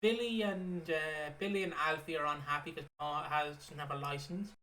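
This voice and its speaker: A podcast co-host recaps a soap in loose, casual chat. The voice is bright and sharp, in the middle of the pitch range, and wanders along with fillers and swearing. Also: steady tone, moderate pace.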